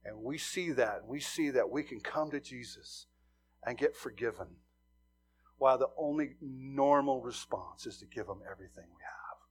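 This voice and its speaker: Middle-aged male pastor, husky, mid-pitched, animated sermon delivery with hushed and loud swings. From Montana.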